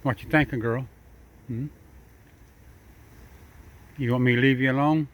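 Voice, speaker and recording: A man's voice: medium pitch, steady tone, a little slow. An older man, outdoors in his backyard, talking fondly to a squirrel and rambling to the camera. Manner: drawling, chuckling, rambling, talks sweetly to the squirrel. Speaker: backyard vlogger feeding squirrels. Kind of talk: casual talk to animals and camera.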